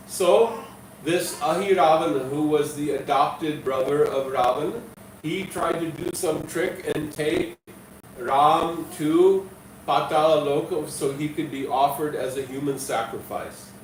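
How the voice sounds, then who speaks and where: A man giving a devotional lecture as a spiritual teacher, explaining slowly and measuredly and chanting verses. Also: a little high, a little hiss or hum. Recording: distant mic in echoey hall, faint ambience.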